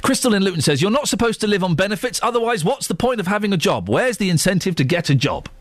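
A man hosting a radio phone-in, joking and telling animated stories. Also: high voice, fast, no echo. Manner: jokey, animated storyteller. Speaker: radio host. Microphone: studio microphone.

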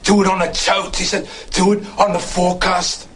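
A man's voice: sits high, flat delivery, normal speed, fairly bright tone, a little hiss or hum. An actor playing a chatty man with a put-on Cockney accent, telling a story about a dog-racing bet in a film scene. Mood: storytelling. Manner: storytelling, addresses listener repeatedly. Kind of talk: film dialogue.

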